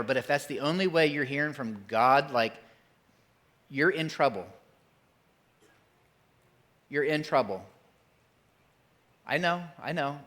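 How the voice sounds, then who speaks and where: Preaching a sermon in church, a middle-aged pastor speaks in a fairly bright voice on the high side. He's emphatic yet conversational, and slips into quick impersonated voices.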